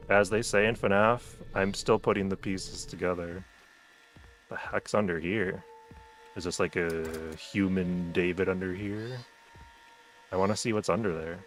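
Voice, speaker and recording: A man's voice: sits low, fairly even intonation, unhurried, pauses often, faint music behind. A man streaming a game late at night, chatting casually, joking, and talking to the characters on screen. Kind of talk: casual gameplay commentary.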